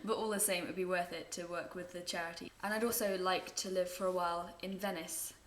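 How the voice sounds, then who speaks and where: In an echoey room with faint background noise, an English young woman talks casually to camera at home, answering viewers' questions. She rambles and is amused by her own asides. Her voice is fairly low and fast, with a steady tone.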